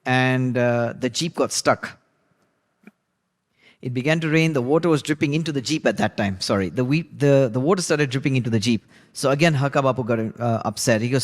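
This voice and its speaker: A man's voice: medium pitch, quick pace. A man telling a story in a reverberant hall. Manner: conversational, relaxed retelling with frequent 'you know'. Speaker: religious class teacher. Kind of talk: storytelling lesson.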